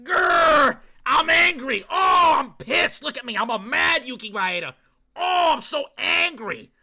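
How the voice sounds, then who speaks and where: A man's voice: extremely high pitch, expressive, a little slow, voice pushed up, full character voice. A man doing a shrieking mock-furious boy. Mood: mock fury. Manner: mock-angry growling and yelling. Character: furious shouting teenage boy hero, cartoonishly mad.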